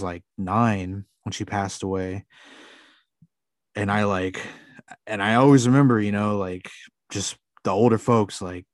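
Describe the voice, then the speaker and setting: A man's voice: fairly low pitch, dry recording, studio quality. A man co-hosting a podcast, talking earnestly and rambling with lots of fillers in casual chat. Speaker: podcast co-host.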